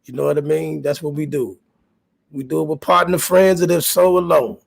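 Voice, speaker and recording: Man, boxing stream host, gravelly, husky, fairly high voice, animated. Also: normal speed. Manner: animated, repeats himself, talks to chat viewers. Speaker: host of a boxing talk livestream. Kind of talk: casual live-stream talk.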